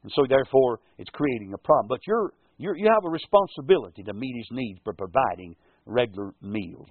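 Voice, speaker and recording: Husky pastor guy on a radio bible show, folksy and rambly, dry thin phone-line sound. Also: medium pitch, no echo. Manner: folksy, rambling, repeats words often.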